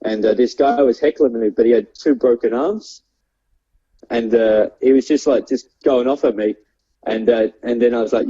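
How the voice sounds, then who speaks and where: A man's voice: medium pitch, fairly even intonation, normal speed, warm tone, breathy edge. A young Australian man, a stand-up comedian, telling rambling stories with lots of fillers and frequent laughter. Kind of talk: casual storytelling chat. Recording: dull lo-fi sound.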